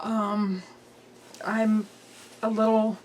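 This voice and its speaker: A woman's voice: mid-range voice, level tone, a little mellow, slight background noise. A woman hosting a casual home sewing vlog, chatting cheerfully with lots of "um" fillers and joking about her own mistakes. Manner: chatty, unhurried, frequent "um" fillers. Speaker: quilting channel host.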